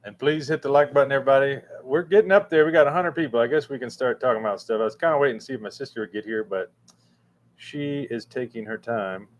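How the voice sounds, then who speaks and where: Casual livestream host, male, middle pitch, halting and rambling, lots of fillers. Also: slight background noise. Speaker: livestream host answering chat. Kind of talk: casual live chat. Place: room with a fan running.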